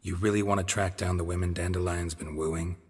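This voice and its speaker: An actor playing a stoic, grizzled male monster hunter in a video game, with a terse, dry, flat delivery. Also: low voice, a little fast, big-room sound, a little hiss or hum, natural voice.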